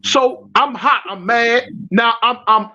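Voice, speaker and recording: A man from South Central Los spins a prison story in slang, repeating himself and acting out each quote. His voice sits very high. The recording sounds dull and lo-fi. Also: slow, sharp tone. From South Central Los Angeles. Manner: acts out quotes, repeats and restarts phrases, slangy. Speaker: guest telling a prison story. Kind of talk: animated storytelling.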